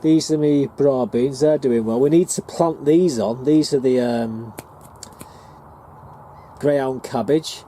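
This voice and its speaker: A man's voice: medium pitch, takes it slowly, pauses often, dark tone. A northern English man giving a rambling, plain-spoken walking tour of his allotment plot, talking to the camera he carries. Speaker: allotment gardener and vlogger. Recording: faint outdoor background noise.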